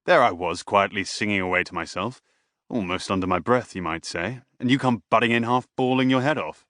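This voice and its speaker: A man's voice: fairly low pitch, brisk, fairly bright tone, dry recording, studio quality, close to an everyday voice. A man voicing a stocky, fussy father in his early fifties who chides his son in a reproachful way.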